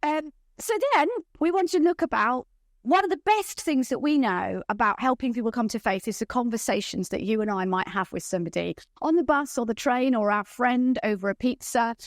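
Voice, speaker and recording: A woman with a fairly high voice leads a church leadership training session, recorded in a studio with no echo. She's enthusiastic and keeps checking in with her audience through rhetorical questions.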